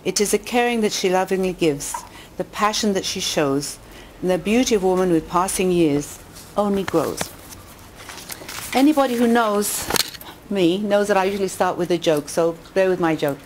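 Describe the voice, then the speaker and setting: A woman tells jokes and stories in an inspirational talk, her voice climbing for quoted lines and punchlines. Her pitch sits in the middle of the range. Faint noise hums under the recording. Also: moderate pace. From England. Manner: lively storyteller who rises in pitch on quotes and punchlines. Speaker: speaker addressing a women's audience. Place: community hall with a live audience.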